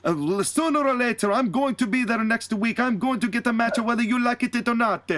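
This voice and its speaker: A man voicing a pompous, insistent lady wrestler persona, shrill and theatrical in a comedy podcast bit. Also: brisk, fairly bright tone. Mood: defiant.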